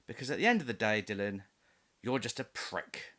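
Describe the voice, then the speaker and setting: A man's voice: fairly low pitch, sing-song, normal speed, sharp tone. A man doing a comedic voice-over review of a film, sarcastic and mocking, with frequent laughs.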